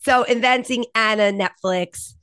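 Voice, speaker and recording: A woman's voice: fairly high pitch, measured pace, a bit bright, clean tone, dry recording, clean studio sound. A woman co-hosting a podcast, chatting casually and enthusiastically about TV shows and laughing often. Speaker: podcast co-host.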